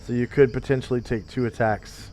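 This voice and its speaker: A man's voice: medium pitch, fairly even intonation, brisk, dark tone, faint music behind. A man running a tabletop game, telling a long story in a loose, filler-heavy way and explaining rules. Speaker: game master. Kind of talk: casual tabletop game chat.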